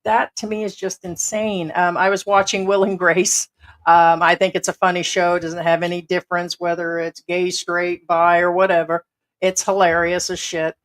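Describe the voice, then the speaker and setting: A woman's voice: fairly low pitch, little pitch movement, normal speed. A middle-aged American woman hosting a casual livestream from home, rambling and blunt with casual swearing. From United States. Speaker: livestream host.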